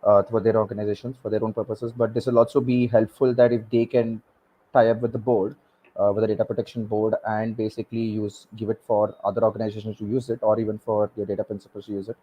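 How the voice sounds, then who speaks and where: A man, speaking as a guest expert on a panel, halting and repeating words with many fillers. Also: on the low side, little pitch movement, highs cut off. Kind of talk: panel discussion.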